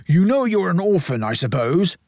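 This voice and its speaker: A pompous, heavyset old-fashioned gentleman presides from a high chair, as a male narrator puts him on. He talks in a lofty, questioning way, his voice lifted well above the narrator's own, in a dry, close storybook reading. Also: big pitch swings, moderate pace, dry recording. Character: pompous fat red-faced gentleman chairing a board.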